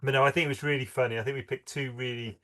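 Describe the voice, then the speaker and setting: A man's voice: mid-range voice, steady tone, very fast, sharp tone. A man, co-hosting a casual film podcast and laughing as he retells favourite scenes. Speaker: podcast co-host.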